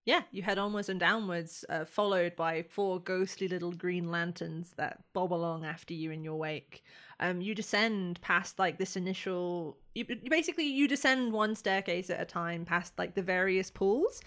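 A woman's voice: on the low side, normal speed, a bit bright. A woman narrating a tabletop game as game master, describing scenes in a loose way full of "like"s.

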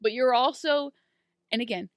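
Woman, podcast co-host, casual recap chat, slightly high voice, dry close sound, acts out lines. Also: no echo. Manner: animated, acts out characters' lines in quick bursts.

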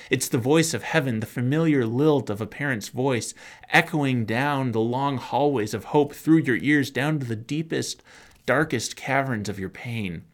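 A male preacher gives a sermon in a voice of ordinary pitch for a man. He speaks in dramatic, rhythmic phrases. He often drops to a soft, hushed tone. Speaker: pastor.

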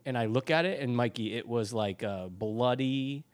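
A man's voice: medium pitch, normal speed. A man co-hosting a podcast, telling rambling stories in casual chat and acting out the dialogue. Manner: rambling storyteller, acts out dialogue. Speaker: podcast co-host.

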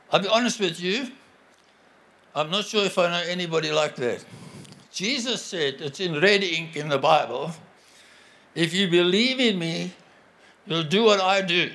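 A man preaching a sermon in an earnest, conversational way, often pausing and restarting his sentences. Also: fairly high pitch, a bit bright. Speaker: guest preacher.

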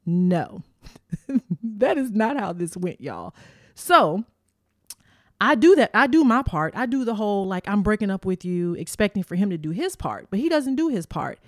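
A middle-aged woman hosting, telling a personal story in a lively, animated way and acting out the voices of the people in it. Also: medium pitch, unhurried, no room sound, clean studio sound. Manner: animated, acts out quotes, addresses listeners as y'all. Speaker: host.

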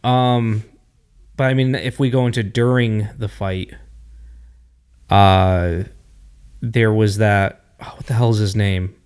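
A man co-hosting a casual chat about fighting, thoughtful and often pausing to find his words. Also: on the low side, fairly even intonation, a little mellow, clean tone. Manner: thoughtful, hesitant, searches for words. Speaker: co-host.

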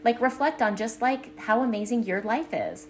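A woman's voice: a little high, normal speed. Earnest middle-aged woman coach chatting. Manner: enthusiastic, earnest, lots of "like". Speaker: life coach and podcast co-host, mother. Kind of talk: casual podcast chat.

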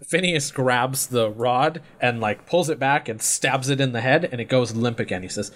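A man running a tabletop game, narrating scenes in a steady, descriptive manner. His voice sits at a middle pitch. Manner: measured, descriptive storytelling. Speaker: game master.

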